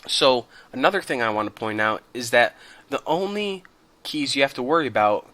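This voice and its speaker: A man talks through a casual screen-recorded tutorial in a loose, friendly way, speaking straight to his viewers. He sits close to a desktop mic at his computer. A cough keeps catching in his throat, and he clears it now and then. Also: mid-range voice, moderate pace. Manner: relaxed, chatty, addresses viewers as guys. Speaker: software tutorial host.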